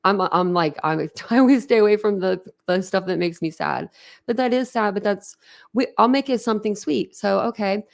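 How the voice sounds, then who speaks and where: Young female livestream host, mid pitch with a raspy fry, talkative and emotional, quick to laugh. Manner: chatty and emotional, laughs often, trails off and restarts. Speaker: host of a true crime channel. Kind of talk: casual livestream chat, reacting to viewer comments.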